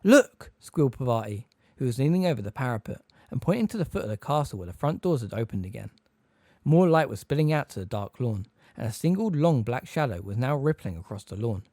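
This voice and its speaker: A man narrating an audiobook in an expressive, lively storytelling manner on a close mic. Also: medium pitch, fast talker, dry recording.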